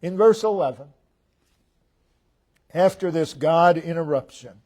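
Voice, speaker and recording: An American man preaching a sermon, slow and emphatic, repeating short phrases and swinging between loud declarations and hushed tones. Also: on the high side, animated.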